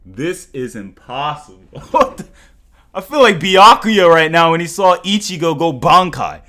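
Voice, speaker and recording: A young man livestreaming in casual chat, excitable and exclamatory, often stammering and repeating himself. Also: fairly high pitch, a little slow. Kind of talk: live stream reaction chat.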